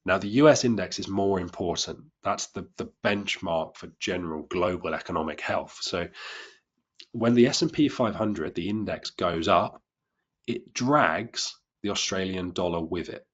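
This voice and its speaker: Husky low-voiced trading teacher. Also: male voice, moderate pace, a bit bright. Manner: chatty, self-deprecating, repeats words when restarting. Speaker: trading instructor. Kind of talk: live webinar lesson.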